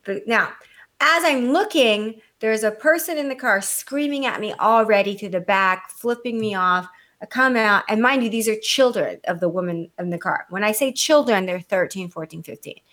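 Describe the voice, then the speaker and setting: An adult woman with a mid-pitched voice tells a story in casual chat. She is blunt and animated and swears freely. A condescending edge she owns up to runs through her talk. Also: normal speed. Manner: self-described condescending.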